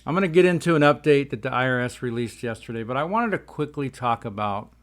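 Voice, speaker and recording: A man's voice: mid-range voice, lively intonation, fast. A man hosting a casual talk show, rambling and folksy while talking around tobacco in his mouth. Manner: rambling, folksy, says "y'all". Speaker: host.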